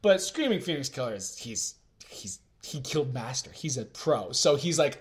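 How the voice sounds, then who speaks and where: A man co-hosts a relaxed chat, recapping a show's plot. He rambles along with lots of filler words. His voice sits a little high for a man. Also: normal speed. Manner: rambling storyteller, many "like"s. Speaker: podcast co-host.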